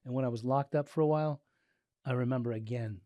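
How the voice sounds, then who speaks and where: A middle-aged man from Southern California, a guest in a casual interview, telling his story with animated delivery and acting out the dialogue. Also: medium pitch, quick pace, no room sound. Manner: animated, acts out dialogue, frequent "like" and restarts.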